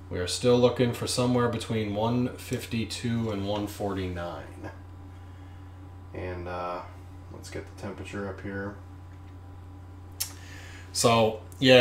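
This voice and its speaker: Male streamer, low pitch, profane ranter swinging from mutter to shout, roomy kitchen echo. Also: slight background noise. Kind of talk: casual live-stream rant while brewing. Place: home kitchen.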